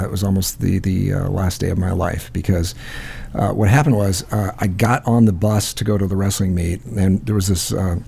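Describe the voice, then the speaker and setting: The host of a call-in show rambles through a profane, filler-heavy story in casual storytelling fashion. His voice is low-pitched and creaky with a warm tone, and there is slight background noise.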